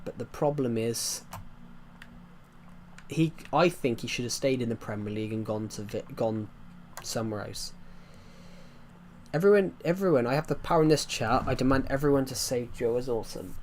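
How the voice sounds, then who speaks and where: Rambling West Country streamer. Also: male voice, medium pitch, normal speed, darkish tone, slight background noise. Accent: West Country English. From England. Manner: rambling, chatty, talks to viewers with many restarts. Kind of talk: casual live-stream chat while playing.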